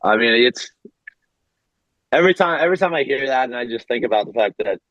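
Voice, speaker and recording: A man in his twenties talks in a relaxed interview, sincere and open, his sentences full of "like" and restarts. The sound is close and dry, with a dull, slightly lo-fi edge. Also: mid-range voice, a little fast, dry recording. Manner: earnest, heartfelt, many fillers like "like". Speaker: guest, baseball pitcher. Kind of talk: casual interview.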